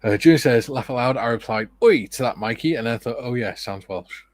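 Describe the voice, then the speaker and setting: A man with a British accent hosting a relaxed livestream, reading viewer comments aloud and chatting casually with joking asides. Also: medium pitch, moderate pace, dry recording. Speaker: livestream host.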